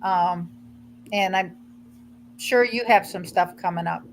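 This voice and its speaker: A woman's voice: on the low side, slow, a little hiss or hum, low-quality recording. A middle-aged woman, chatting casually on a live stream with her daughter and talking to viewers. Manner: chatty, a bit scattered, talks to viewers. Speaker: vlog host. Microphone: computer mic on a live stream.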